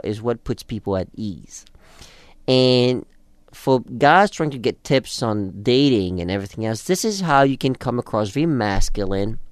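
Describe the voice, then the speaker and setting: A man's voice: medium pitch, no echo. A man co-hosting a casual talk show, animatedly discussing a TV episode and acting out quoted lines. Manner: animated, acts out quoted lines in different voices. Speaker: podcast co-host discussing a TV episode. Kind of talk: casual chat.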